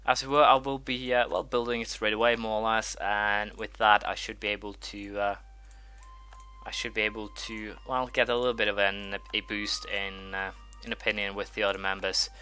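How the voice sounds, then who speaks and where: A man's voice: on the low side, level tone, moderate pace, bright, forceful tone, smooth, soft background music. A man hosting a strategy-game let's play, thinking aloud with many fillers and restarts while he has the hiccups. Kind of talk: gameplay commentary.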